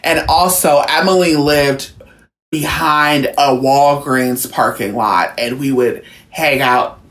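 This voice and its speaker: Woman, podcast co-host, casual chat, very deep, slow delivery.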